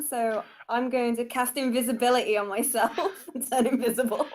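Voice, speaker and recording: Female player, a touch high, chatty and giggly, faint background noise. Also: moderate pace. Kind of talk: tabletop game play.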